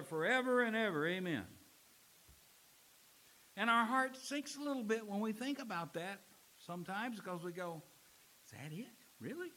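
Lively middle-aged man preaching a sermon. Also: poor audio. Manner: animated preaching, swinging from loud and emphatic to low and quiet. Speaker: pastor.

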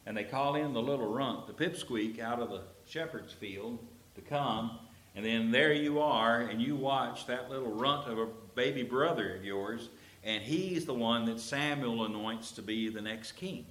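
Male pastor, mid-range voice, animated sermon storytelling, roomy reverb. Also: medium pitch, measured pace. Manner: animated storytelling, acts out quoted characters. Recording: roomy echo.

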